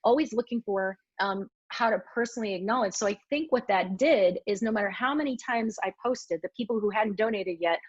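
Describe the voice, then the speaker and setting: A woman's voice: mid-range voice, brisk, few pauses, slightly rough, no room sound, lo-fi sound. A woman co-creator of a web series, earnestly sharing her crowdfunding experience.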